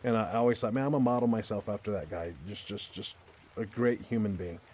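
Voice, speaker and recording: A man's voice: lowish voice, fast talker, darkish tone, a little hiss or hum. A man telling a personal story in a casual, earnest way, rambling and often repeating and restarting his words. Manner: earnest and heartfelt. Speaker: storyteller vlogger. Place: outdoors in a backyard at night.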